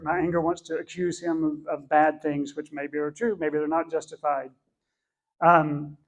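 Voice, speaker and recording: A man's voice: a little high, vocal fry. Earnest man teaching a church class. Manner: earnest, repeats and rephrases as he explains.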